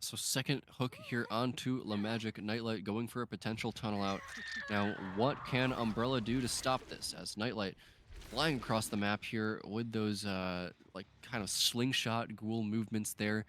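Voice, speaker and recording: Low-voiced esports play-by-play man. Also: normal speed, noisy background. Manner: fluent, rising excitement on big plays.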